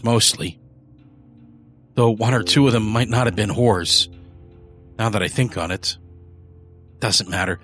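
A man's voice: on the low side, fairly bright tone, close to an everyday voice. A man voicing an arrogant rich young killer, who boasts in a cold, offhand way. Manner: casual, callous boasting.

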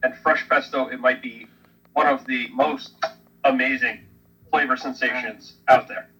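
A man's voice: medium pitch, steady tone, a little slow, pushed and bright, slightly rough, poor audio. A young man co-hosting a casual chat, blunt and emphatic in his opinions. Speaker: podcast co-host.

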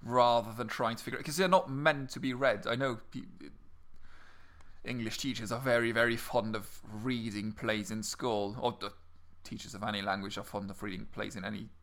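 A man's voice: fairly low pitch, fairly even intonation, normal speed, fairly bright tone. A young man co-hosting a casual podcast chat, stammering and repeating words as he explains. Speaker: podcast co-host.

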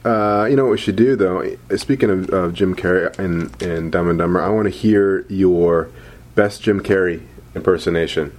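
A man's voice: sits low, darkish tone. A man co-hosting a podcast, chatting and joking casually with many fillers and restarts. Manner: rambling, halting with many fillers. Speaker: podcast co-host.

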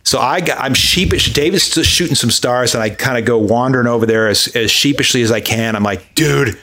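A man's voice: mid-range voice, fairly quick, bright, forceful tone. A man telling a comic story on a podcast, self-mocking and acting out the dialogue he quotes. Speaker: podcast guest.

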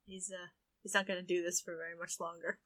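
Bright-voiced woman chatting casually. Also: on the low side, level tone. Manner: quick to question and push back, laughs often. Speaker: podcast co-host. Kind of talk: casual chat.

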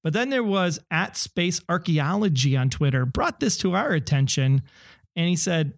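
Eager man with a higher, dry voice. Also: big pitch swings, moderate pace, vocal fry, dry recording. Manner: eager, theorizing. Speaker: podcast co-host. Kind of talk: casual chat, reading listener mail.

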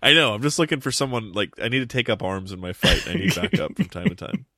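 A man's voice: mid-range voice, sing-song, quick pace, pushed and bright, no echo. A man co-hosting a casual podcast who explains pro wrestling history at length, swearing freely and putting heavy emphasis on his points.

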